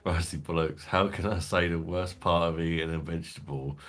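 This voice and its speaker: Brief: low-pitched male streamer, loose and profane, chatty rambling delivery. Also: steady tone, moderate pace. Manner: swears freely, rambling, laughs often. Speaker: beer review channel host. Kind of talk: casual livestream chat reading viewer comments.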